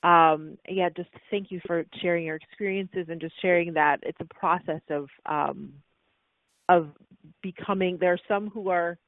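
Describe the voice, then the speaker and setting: A woman's voice: lowish voice, steady tone, normal speed, dry recording. Woman moderator on a call, thankful, thin phone-line sound. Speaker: webinar host. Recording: tinny phone line, dry.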